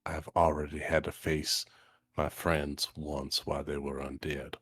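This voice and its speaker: A man voicing a grieving adventurer in a tabletop role-play, halting and stammering with emotion. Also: rumbling low, flat delivery, fairly bright tone, slightly rough, dry recording, clean studio sound, pitched below the performer's own voice, exaggerated voice. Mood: anguished. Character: grieving adventurer torn over undead friends.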